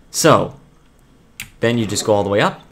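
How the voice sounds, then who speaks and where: A gaming streamer with a lowish, gravelly voice chats casually with viewers while playing a building game, rambling and restarting his sentences often. There's some background noise.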